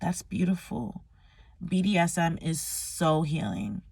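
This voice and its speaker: A woman's voice: fairly low pitch, sing-song, slow pace, creaky, darkish tone, breathy edge, no echo. A young woman talking candidly and emotionally in a personal vlog, swearing freely and using slang. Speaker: vlogger.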